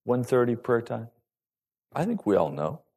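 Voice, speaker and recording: Guy preaching a sermon, voice swings all over, mid-pitched. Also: moderate pace, vocal fry, breathy edge. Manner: animated, rising and falling preaching delivery. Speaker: pastor.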